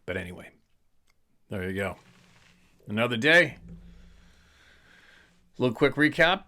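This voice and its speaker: Very animated yet measured in pace, this mid-range male voice sounds pushed and bright. He's a hunting and fishing guide from British Columbia, Canada, hosting the show and reading a viewer letter in a blunt, opinionated, rambling casual monologue.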